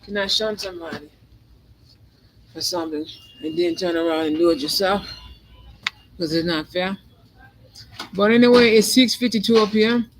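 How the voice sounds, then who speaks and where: A man's voice: sits high, moderate pace, long pauses, slight background noise, low-quality recording. A man giving a spiritual tarot reading monologue, rambling and emphatic, repeating phrases again and again. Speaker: tarot reader.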